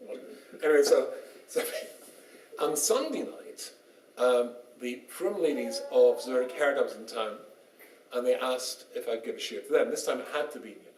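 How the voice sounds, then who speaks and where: A rabbi with a medium-pitched voice speaks at a moderate pace, delivering a humorous lecture full of jokes and stories. He's a lively storyteller who laughs often. The recording, made in a small synagogue lecture room, sounds roomy and distant with faint background noise.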